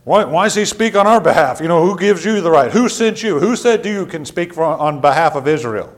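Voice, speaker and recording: A man's voice: fairly high pitch, expressive, fairly quick, voice pushed up, close to an everyday voice. A man voicing a crowd of grumbling Israelites who whine and nag with complaining questions. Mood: indignant. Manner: whining, nagging questions.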